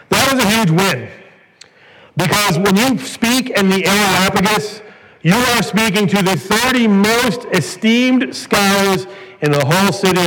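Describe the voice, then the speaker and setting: Pastor guy preaching, highish voice, earnest and emphatic, echoey church hall w faint hiss. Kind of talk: sermon. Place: church sanctuary.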